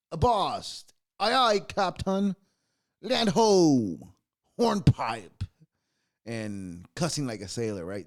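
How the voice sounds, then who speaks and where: A man hosting a solo podcast, reading ad and holiday copy aloud, stumbling over words, laughing at himself and swearing offhand. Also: medium pitch. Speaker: podcast host.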